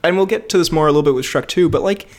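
A young man with a slightly high voice co-hosts a casual podcast chat. He jokes often, swears freely and laughs between his lines. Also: racing. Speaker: podcast co-host.

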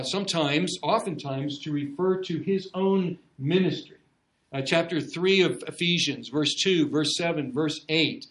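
Man, pastor, fairly high voice, earnest sermon, repeats phrases, roomy church sound. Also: a bit bright. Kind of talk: expository sermon.

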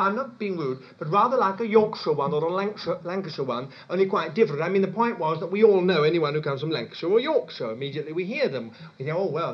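A British man delivers a sermon in a chatty teaching manner, full of asides and self-corrections. His pitch swoops and jumps expressively from phrase to phrase. The recording is dull and lo-fi, missing its top end. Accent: British English. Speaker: preacher.

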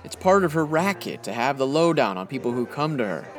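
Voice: medium pitch, very animated, fairly quick, soft background music. An actor playing a wry newspaper reporter in an old-time radio-drama style, talking in clipped period slang. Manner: wry, clipped 1940s patter.

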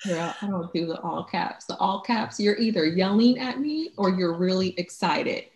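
A woman co-hosting a casual podcast chat, laughing often and animated when she acts out what others say, recorded at home. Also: medium pitch, moderate pace, roomy sound. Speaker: podcast co-host. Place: home with traffic noise outside.

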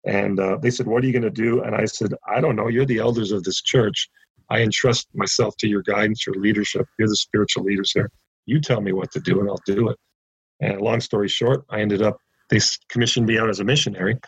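A man's voice: fairly low pitch, steady tone, brisk, vocal fry, husky, dry recording, rough recording. A man from Canada, a ministry founder, telling a story as an interview guest and acting out the quoted dialogue.

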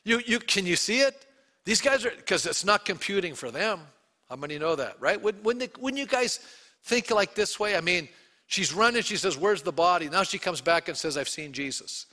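A man, a pastor, preaching an Easter sermon to his congregation, telling the story with animated asides and questions to the room. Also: sits high, normal speed. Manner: animated storytelling, acting out quotes.

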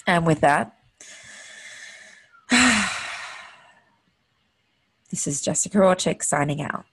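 Host, woman, earnest motivational monologue; husky, lowish voice, openly emotional. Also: expressive, slow, a bit bright.

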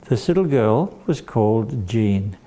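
A man telling a story to children in a gentle, expressive way, talking straight to the kids. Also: on the low side, a little slow.

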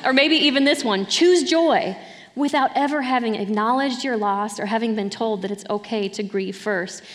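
A woman's voice: on the high side, fairly even intonation, brisk, fairly bright tone. Woman preaching in a reverberant hall. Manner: conversational, often asks "right?". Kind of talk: sermon.

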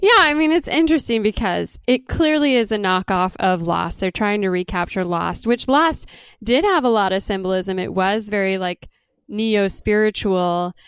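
A woman's voice: medium pitch, clear, resonant tone, no echo, studio quality. A woman co-hosting a casual podcast about TV shows, giving opinionated takes with frequent "like" fillers. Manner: opinionated, laughs often, "like" fillers. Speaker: podcast co-host. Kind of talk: casual chat reviewing TV shows.

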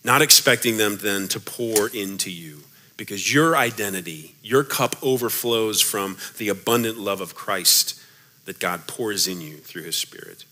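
A man's voice: on the low side, a little slow. A man preaching a sermon as pastor, earnest and repeating rhetorical questions to his church. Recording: loud music underneath.

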